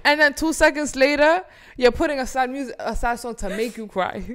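A young woman co-hosting a casual podcast chat, animated and swearing freely as she acts out her own complaints. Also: high-pitched, fairly quick, smooth. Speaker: podcast co-host.

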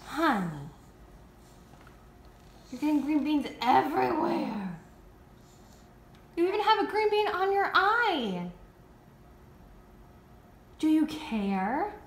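A woman's voice: high voice, big pitch swings, takes it slowly, long pauses. A woman at home talking to her baby in a casual vlog, cooing in sing-song baby talk. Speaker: mother and vlogger.

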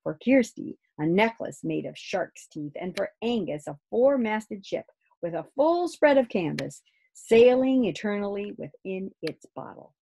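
A woman reading a children's book aloud in an expressive storytelling voice. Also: medium pitch, unhurried, vocal fry, slight background noise.

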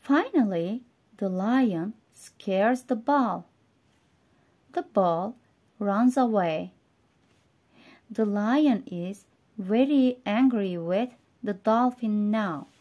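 A woman with a Turkish accent teaching English vocabulary and reading a simple story aloud, slow and clear, going word by word. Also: medium pitch, animated, warm tone. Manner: slow, clear, explaining words one by one.

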